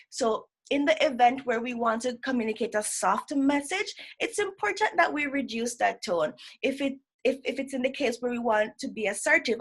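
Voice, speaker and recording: A woman presenting an educational session, explaining ideas step by step and checking in with "right?". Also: fairly high pitch. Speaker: workshop presenter.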